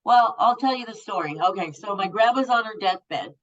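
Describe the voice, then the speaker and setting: A woman's voice: mid-range voice, expressive, moderate pace, highs cut off. A woman in her fifties, a guest telling a personal story in a blunt, raw and profane way. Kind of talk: candid storytelling.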